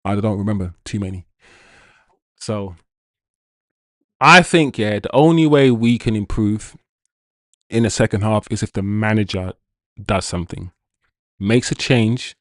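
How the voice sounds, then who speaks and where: A man's voice: medium pitch, no echo, clean studio sound. A young man hosting a football watch-along stream, ranting, swearing and talking to his chat. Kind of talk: live-stream commentary and chat.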